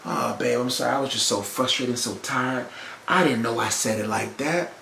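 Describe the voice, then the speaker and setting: A man's voice: sits high, animated, quick pace, fairly bright tone, reverberant, a little hiss or hum. A man doing a sorry, tired girlfriend. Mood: apologetic.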